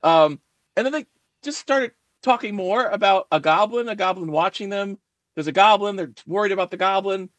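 A male guest with a slightly high voice who rambles through his stories, filling gaps with fillers. He laughs at himself now and then. The recording is close and dry. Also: normal speed, fairly bright tone, no room sound. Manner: rambling, many fillers, self-deprecating laughs. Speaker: guest writer. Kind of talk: interview.

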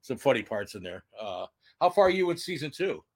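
A male guest chats in a relaxed way and chuckles often. He has a slight lisp, and his pitch rises and falls a lot. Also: fairly quick, no echo. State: lisping after a tooth pulled. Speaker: guest, painter. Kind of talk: casual chat.

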